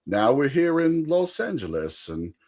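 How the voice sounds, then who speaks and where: A man's voice: on the high side, big pitch swings, a little slow, darkish tone, voice pushed up, exaggerated voice. A man putting on a fake British accent while he spins a made-up life story in a casual podcast chat. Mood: bluffing. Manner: put-on British accent, rambling made-up backstory. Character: man faking a British persona, bluffing.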